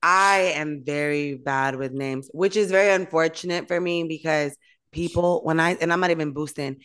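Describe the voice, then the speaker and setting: A woman co-hosting a podcast, telling lively stories in casual chat and laughing often. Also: sits low, normal speed, smooth. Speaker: podcast co-host.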